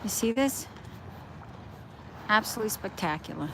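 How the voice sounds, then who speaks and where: A woman's voice: medium pitch, animated, moderate pace, creaky, noisy background. A middle-aged woman chatting casually to livestream viewers on her phone while walking her dog by the ocean at night. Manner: chatty, points things out to viewers. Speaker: livestream host. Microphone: phone held while walking.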